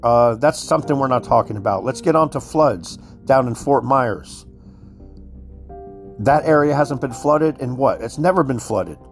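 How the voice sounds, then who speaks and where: A man's voice: mid-range voice, expressive, normal speed, faint music behind. A man giving a heated, profane monologue, worked up and repeating himself as he speaks to his listeners. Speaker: commentator. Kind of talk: profane conspiracy rant.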